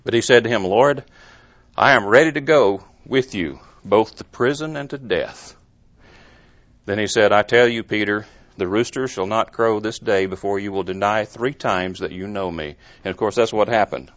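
A man's voice: lowish voice, normal speed. Earnest male preacher, muffled lo-fi recording. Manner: earnest, with emphatic rises and rhetorical questions. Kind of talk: sermon.

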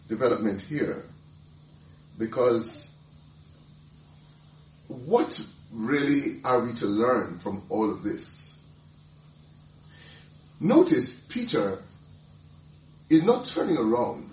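A man delivers a sermon with a lively, swooping voice that rises high when he presses a point. He talks emphatically, laughs often and stumbles over repeated words. His voice is caught from a distance in a roomy, echoing hall. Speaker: pastor.

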